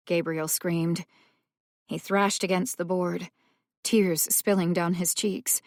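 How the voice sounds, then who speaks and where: A woman narrating a suspense audiobook in a slow, measured way, drawing out the tension. Her voice sits somewhat low. The recording is close and dry, with no room sound. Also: fairly even intonation, darkish tone, no echo. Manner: measured, tense storytelling. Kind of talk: scripted narration.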